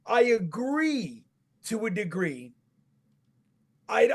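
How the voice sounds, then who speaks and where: A man co-hosting a casual sports podcast with a New York accent, talking in an animated, profane rant that builds to shouts. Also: high-pitched. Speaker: podcast co-host.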